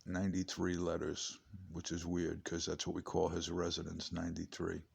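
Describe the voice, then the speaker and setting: A man in his late fifties reads his memoir in a very low, gravelly voice. He rambles from one aside to the next with a dry, joking tone, as if chatting at home. His delivery is loose and conversational rather than polished. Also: completely flat delivery, normal speed. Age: 50s. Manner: chatty, digressive, wry asides. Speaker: author reading his memoir.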